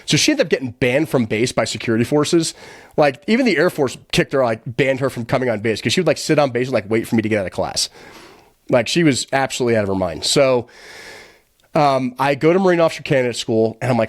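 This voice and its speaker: Profane, fast-rambling man telling war stories. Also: medium pitch, no room sound, clean studio sound. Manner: animated, profane, laughs often; quick, rambling, heavy use of filler "like". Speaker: podcast guest. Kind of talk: casual storytelling.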